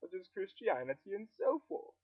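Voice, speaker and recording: Man doing a smug male British colonizer, raised and loud, tinny phone-like audio. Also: high voice, big pitch swings, moderate pace, voice pushed up.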